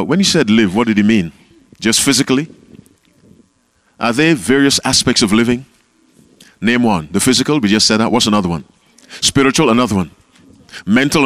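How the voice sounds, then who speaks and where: A man preaching a sermon as pastor, asking his listeners questions and answering them himself, with quotes acted out softly. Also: on the low side, no room sound. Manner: call-and-response preaching, questioning the audience. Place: camp meeting talk.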